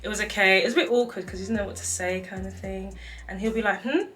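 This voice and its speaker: A woman's voice: mid-range voice, fast. A young woman in her twenties casually telling dating stories, acting out what people said and laughing often. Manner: animated, acts out quotes, laughs often. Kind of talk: casual storytelling chat.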